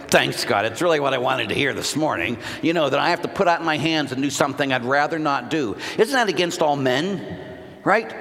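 A man preaching a sermon as a priest, in a lively, conversational style with frequent rhetorical questions to a men's conference. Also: fairly high pitch. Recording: long hall reverb.

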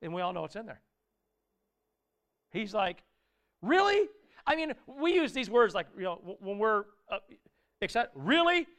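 A man preaching a sermon in an earnest, conversational way, breaking into sudden loud exclaimed asides. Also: high-pitched, animated, normal speed, long pauses.

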